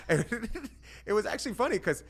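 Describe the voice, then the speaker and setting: A man's voice: high-pitched, big pitch swings, unhurried, fairly bright tone. A man in his fifties hosting a podcast from a small studio, rambling and self-deprecating. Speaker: podcast host. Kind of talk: podcast intro.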